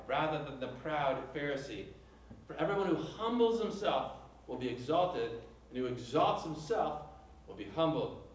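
A man preaches with emphatic force, piling up rhetorical questions. His somewhat high voice comes from a distance, ringing through a very echoey room with a faint hum behind it. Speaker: pastor. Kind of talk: sermon.

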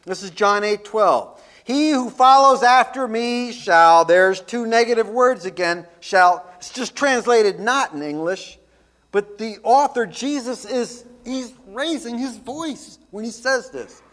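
A man, a pastor, delivering a radio ministry sermon with emphatic, deliberate preaching that repeats key phrases. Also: very high voice, fairly bright tone.

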